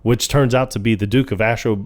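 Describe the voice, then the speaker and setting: A man on a podcast talks through a movie in a relaxed, chatty way. His voice sits at an ordinary middle pitch, and he keeps slipping into quick impressions of the characters and laughing at the jokes. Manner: retells scenes with lively quoted impressions, laughing often. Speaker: podcast co-host. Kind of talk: casual film recap chat.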